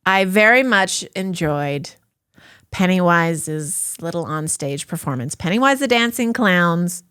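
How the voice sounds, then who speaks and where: A woman co-hosting a casual TV review chat, animated and exasperated, laughing often. Her voice is close and dry, with no room sound around it. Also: lowish voice, a little slow, clear, resonant tone, dry recording. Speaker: podcast co-host.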